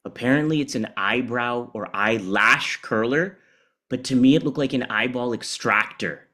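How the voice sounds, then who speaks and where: A man giving a devotional storytelling talk in an animated, conversational way. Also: medium pitch, moderate pace. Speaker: speaker at a temple celebration.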